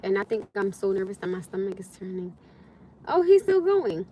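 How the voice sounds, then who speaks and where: A woman's voice: high voice, animated, moderate pace, dark tone, slight background noise. A woman hosting a casual livestream from her phone, reading scripture and thanking viewers, exclaiming and laughing often. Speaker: livestream host.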